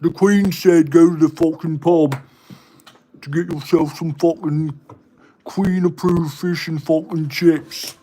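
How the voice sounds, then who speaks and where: A man putting on a put-on English accent to play a crude, swearing self-styled English gentleman who keeps invoking the Queen. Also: a little high, fairly even intonation, takes it slowly, a little hiss or hum, pitched above the performer's own voice, rough recording. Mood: blustering. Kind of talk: comic improv bit during a casual build stream.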